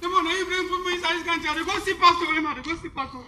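A man's voice: racing, pushed and bright, a little hiss or hum, exaggerated voice. A desperate, pleading young village man with a Pidgin accent. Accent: Nigerian Pidgin. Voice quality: high, pleading, insistent. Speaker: Tio, a young man from Gboko. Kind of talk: Nollywood film acting.

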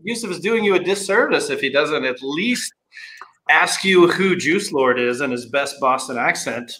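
A man's voice: on the high side, lively intonation, moderate pace, bright, forceful tone, low-quality recording. A man joining in a casual chat with joking banter.

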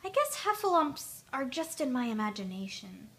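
A woman's voice: sits high, sing-song, moderate pace, fairly bright tone, slight background noise, heavily acted. A woman voicing a small, timid young male piglet in a storybook, stammering and fretful.

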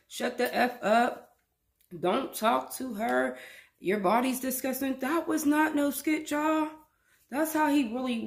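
A woman giving a casual, emphatic reaction commentary to her viewers, often repeating words for stress. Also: mid-range voice. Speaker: reaction vlogger.

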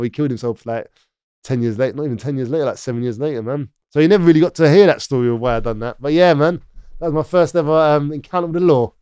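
Brief: London-accented man, mid-pitch, dry close sound, loose rambling storyteller. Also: darkish tone, clean tone, no echo. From London, England. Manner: rambling, frequent "like" and "yeah?" tag questions. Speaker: podcast guest. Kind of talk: casual storytelling interview.

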